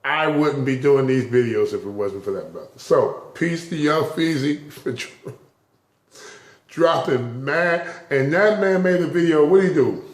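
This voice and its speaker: A man's voice: a little high, lively intonation, a little slow, echoey room. A man vlogging casually, rambling with stuttered restarts and openly emotional, laughing and tearing up as he talks. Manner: rambling, repeats words in restarts. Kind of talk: casual spoken vlog.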